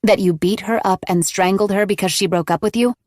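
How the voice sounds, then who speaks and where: A woman voicing a scheming, manipulative woman who speaks low and measured in an audiobook. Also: no room sound, clean studio sound, lightly acted. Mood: cold. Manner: low, measured, coolly defiant.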